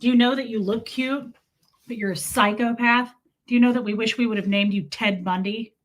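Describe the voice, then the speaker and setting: Speaking in a mid-range voice at a moderate pace, a livestream host chats casually with her viewers from her home in the countryside, swearing freely and thanking people by name.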